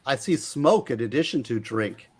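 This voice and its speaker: A man on a livestream panel, teasing the others with quick remarks. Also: mid-range voice, lively intonation, slightly rough. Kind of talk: casual livestream chat.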